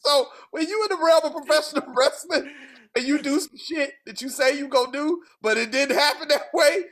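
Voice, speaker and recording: A man with a St. co-hosting a casual wrestling podcast, ranting loudly and profanely for comic effect. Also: very high-pitched, brisk. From St. Louis area. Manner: loud profane comedic ranting. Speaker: podcast co-host.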